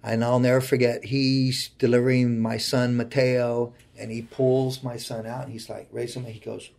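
Gravelly man telling a heartfelt story. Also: mid-range voice, little pitch movement, normal speed, hardly any pauses. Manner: heartfelt, earnest, often dropping to a quiet voice. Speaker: interview guest. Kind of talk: personal storytelling in conversation.

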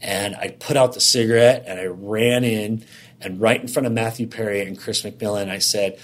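A man telling a candid personal story as an interview guest, in long run-on sentences that act out the dialogue. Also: lowish voice. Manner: animated, rapid run-on sentences, acting out dialogue.

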